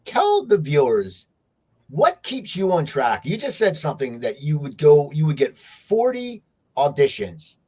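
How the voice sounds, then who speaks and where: A man hosting a podcast, asking questions in an excitable, animated way. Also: on the high side, measured pace, breathy edge. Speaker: podcast host. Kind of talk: casual interview chat.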